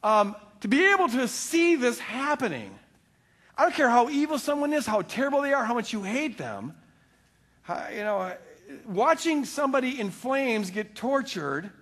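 Middle-aged male pastor, high-pitched, animated sermon delivery with stammering restarts. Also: normal speed, husky.

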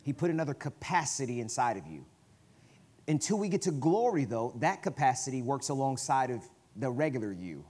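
A man with a Southern US accent, a guest preacher giving a conversational sermon in a church, swinging from quiet asides to emphatic, loud bursts. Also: medium pitch, very animated, a little fast. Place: church sanctuary.

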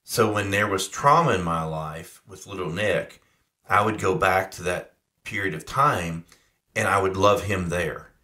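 Low-voiced guy on a podcast, bright tone, earnest and reflective. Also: measured pace. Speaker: podcast co-host. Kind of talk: casual podcast conversation.

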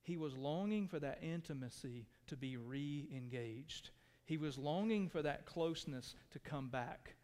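Pastor, male, high voice, earnest sermon, drops hushed then pleads, echo-filled sanctuary. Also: animated, unhurried, few pauses. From Texas. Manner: earnest, shifts between hushed tones and raised pleading. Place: church sanctuary. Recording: long hall reverb.

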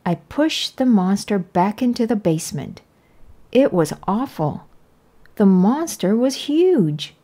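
Female read-aloud narrator for a children's book; slow, careful, mellow. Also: medium pitch, big pitch swings.

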